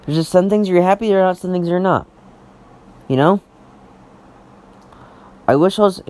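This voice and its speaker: A man's voice: on the high side, a little mellow. A man talking unscripted to camera, rambling and frustrated, repeating himself and restarting sentences, swearing as he gets worked up. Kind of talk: unscripted personal rant.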